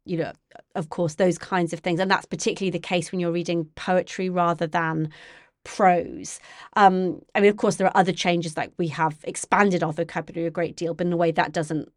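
A woman literature professor, answering an interviewer in a thoughtful, explanatory way, often pausing and restarting her sentences. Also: fairly low pitch, little pitch movement, no echo, clean studio sound. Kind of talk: academic interview.

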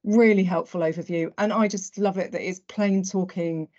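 A woman with a fairly low voice thanks a speaker in a warm, appreciative way. She is hosting a session on a video call, and the audio is dull and lo-fi. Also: steady tone, moderate pace. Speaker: session host.

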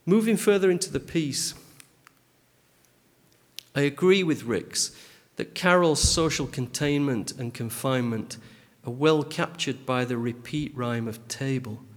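A man reading a literary critique aloud in a measured, dry, pedantic manner. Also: medium pitch. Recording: long hall reverb.

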